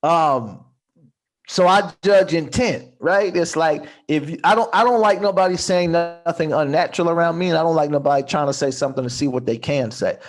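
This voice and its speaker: A man from Texas co-hosting a comedy podcast, musing thoughtfully with halting restarts. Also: a little high, soft background music. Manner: thoughtful, hesitant restarts, breaks into quoted voices. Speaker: podcast co-host. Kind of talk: casual comedic chat.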